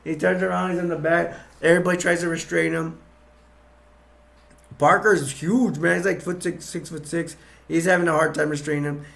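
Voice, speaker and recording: Gravelly man rambling through a plot. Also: on the high side, little pitch movement, normal speed, fairly bright tone. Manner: rambling, many ums and restarts. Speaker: movie reviewer. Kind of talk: casual plot retelling. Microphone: attached to a bag.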